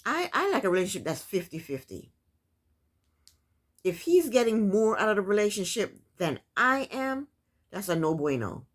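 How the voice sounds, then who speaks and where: A woman recapping a reality show for her viewers, speaking in a casual and opinionated way. Her pitch moves a lot and her delivery is animated, as she often talks straight to the audience. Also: moderate pace. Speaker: TV recap vlogger.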